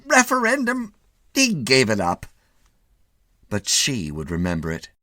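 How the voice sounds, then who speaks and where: A man narrating a classic short story with an expressive, animated reading. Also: deep voice, measured pace, no room sound, clean studio sound. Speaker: story reader.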